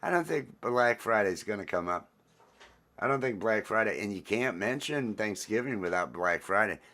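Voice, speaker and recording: A man's voice: on the low side, lively intonation, normal speed, sharp tone. A man hosting a casual livestream chat, talking in a laid-back, rambling way, repeating his phrases and greeting viewers by name. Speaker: livestream host.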